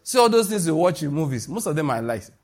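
A Nigerian man in the pulpit, preaching with emphatic energy. His voice sits a little high for a man and carries a husky edge. He jumps sharply upward in pitch when he drives a point home. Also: fast talker. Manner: animated, emphatic preaching with sudden high emphatic rises. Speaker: pastor. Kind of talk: sermon.

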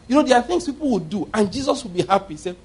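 A man's voice: high-pitched, very animated, rapid-fire, slightly rough. A middle-aged man preaching a sermon, telling stories with emphatic repetition. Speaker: pastor.

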